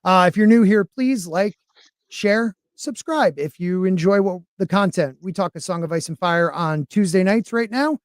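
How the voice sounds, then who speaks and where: A man's voice: high voice, moderate pace, dry recording. A man from western Connecticut hosts a casual live-stream chat, rambling from one joke to the next. He teases himself as he goes. His voice sits dry and close to the mic. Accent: Connecticut, near New York. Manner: rambling, jokey, self-deprecating. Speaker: podcast host.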